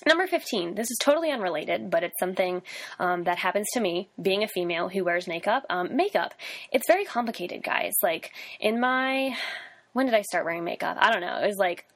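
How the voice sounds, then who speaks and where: A woman's voice: mid-range voice, expressive, brisk, dry recording. A woman in her twenties hosting a casual solo podcast, chatty and full of "like" and "um". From Northern Virginia / Washington DC area. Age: 20s. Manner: chatty, peppered with "like" and "um". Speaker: podcast host.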